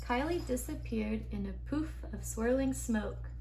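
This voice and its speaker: Woman, parent reading to a child, gentle expressive read-aloud, slow, fairly high voice. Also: vocal fry, a little hiss or hum, poor audio. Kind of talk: bedtime storybook reading.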